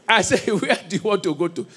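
Nigerian pastor preaching with shouted bursts. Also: male voice, sits high, slightly rough. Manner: shouting bursts, call-and-response, laughing asides. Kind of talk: sermon. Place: church.

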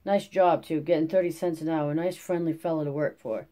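A reader voicing a weary older male migrant farmworker in a gruff, folksy drawl, in an audiobook reading. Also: mid-range voice, steady tone, a little fast, warm tone, natural voice. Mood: resigned.

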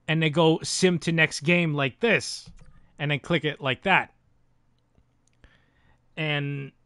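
A man streams live commentary on a hockey video game simulation and talks to his chat. His voice sits high and sharp, and he talks at an unhurried pace, swearing freely and bursting into loud exasperated outcries. The sound is dry and close, with no room echo.

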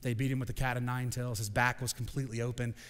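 A man preaching a sermon as senior pastor, moving from quiet, hushed reflection up to shouted proclamation. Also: medium pitch, little pitch movement, fast, big-room sound. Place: church sanctuary.

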